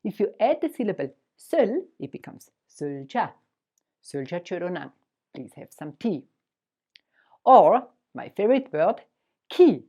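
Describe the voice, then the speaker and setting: A woman teaching a language lesson in a gentle, patient, encouraging way. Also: lowish voice.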